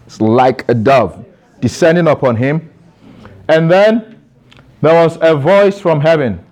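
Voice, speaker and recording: A man's voice: fairly high pitch, a little slow, darkish tone. A man preaching a sermon to a congregation in a church, asking rhetorical questions and calling for responses.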